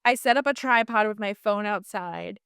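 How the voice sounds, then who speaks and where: A woman guest telling a personal story in a casual interview, chatty and animated, with lots of fillers and restarts. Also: mid-range voice, normal speed, vocal fry, clear, resonant tone, no echo, studio quality.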